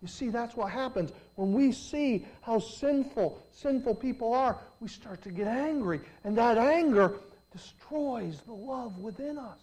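A pastor delivering a sermon in a mid-range voice, neither high nor low. The delivery swings between hushed, slow reflective passages and loud, climbing emphasis. Quoted people are acted out in lowered voices. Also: animated, rough recording. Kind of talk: preaching a sermon.

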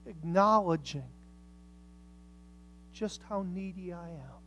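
A woman preaching a sermon with passion, swinging from hushed lines to loud, emphatic ones. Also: fairly low pitch, lively intonation, takes it slowly, slight background noise.

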